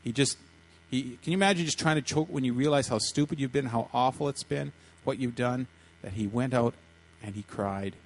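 A man preaching to children, retelling a story in an animated way and often repeating his words as he acts out quotes. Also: mid-range voice, fairly quick. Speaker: pastor speaking to children.

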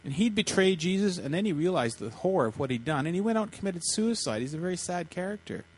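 A man preaching to children, retelling a story in an animated way and often repeating his words as he acts out quotes. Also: sits high, fast, slightly rough. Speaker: pastor speaking to children.

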